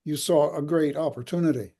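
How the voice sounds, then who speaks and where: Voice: mid-range voice, fairly quick, mellow. Supportive colleague, mid-range voice, brief interjections.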